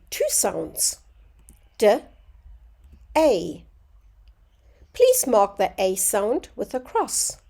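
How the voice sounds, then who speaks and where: Slow, lively woman teaching phonics. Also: mid-range voice. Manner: slow, clear sounding out of words, addressing children. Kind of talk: phonics lesson for young children.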